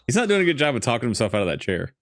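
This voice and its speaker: Lively joking man in casual chat. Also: medium pitch, dry recording. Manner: joking, rambling, quick laughs. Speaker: podcast guest. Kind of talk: casual movie commentary chat.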